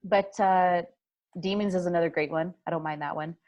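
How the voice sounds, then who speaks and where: Kanadyjka o niższym głosie, z wahaniem. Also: female voice, on the low side, fairly even intonation, fairly quick, darkish tone, lo-fi sound. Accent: Canadian. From Canada. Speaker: podcast co-host. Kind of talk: casual chat.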